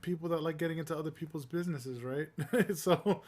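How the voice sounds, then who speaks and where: Rambling man with a higher voice. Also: fairly quick, darkish tone. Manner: rambling, many fillers and restarts, informal slang. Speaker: podcast co-host. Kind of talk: casual news discussion.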